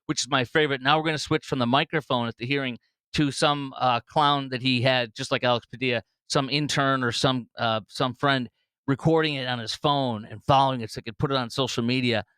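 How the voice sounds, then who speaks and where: A man's voice: medium pitch, fairly even intonation, brisk, fairly bright tone, clear, resonant tone, dry recording. A middle-aged man hosting a political commentary show, scornful and rambling with frequent fillers. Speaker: podcast host.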